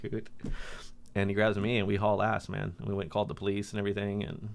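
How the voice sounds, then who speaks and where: A man co-hosting a podcast, telling a story in casual chat and acting out the people in it with a high voice. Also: fast talker. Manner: animated, acts out quotes in a high voice. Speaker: podcast co-host.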